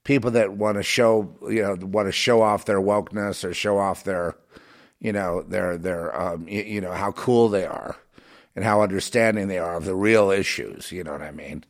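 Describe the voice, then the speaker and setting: A man's voice: low voice, steady tone, normal speed. A man in a rambling rant with many restarts and repeated fillers. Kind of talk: ranting commentary.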